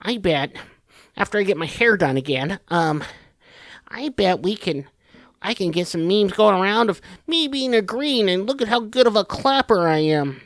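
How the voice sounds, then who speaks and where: A man's voice: high voice, expressive, moderate pace, fairly bright tone, no room sound, clean studio sound. A man hosting a podcast, giving rambling, sarcastic political commentary full of swearing and restarts. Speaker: podcast host.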